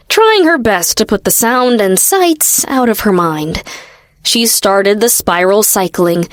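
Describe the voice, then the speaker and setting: A woman narrating a fantasy audiobook in a steady, expressive storytelling manner. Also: mid-range voice, dry recording, clean studio sound. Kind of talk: scripted narration.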